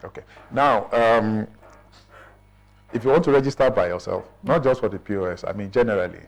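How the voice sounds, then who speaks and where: In a radio interview, a middle-aged Nigerian-accented official walks through how to register a business, frequently adding "right?". His voice is fairly low and gravelly, he talks fairly quickly, and the recording is low quality.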